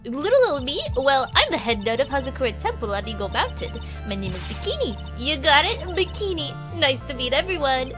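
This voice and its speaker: A woman's voice: high voice, sing-song, fairly quick, hardly any pauses, over music, pitched above the performer's own voice. Woman voicing a jolly old head nun. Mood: cheerful. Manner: jolly, folksy, teasing. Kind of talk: game dialogue read aloud.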